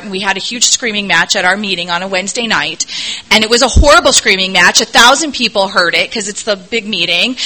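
A middle-aged woman gives a personal testimony to a meeting crowd, her voice bright and forward. She talks candidly and earnestly, poking fun at herself along the way. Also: a little high, poor audio. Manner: candid, self-deprecating, earnest. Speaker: speaker sharing her recovery story at a meeting.

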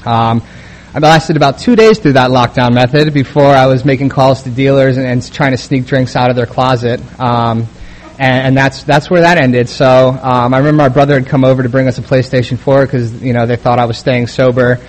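A young man telling his recovery story as a personal testimony, halting with many fillers and restarts. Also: mid-range voice, steady tone. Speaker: speaker sharing a recovery story.

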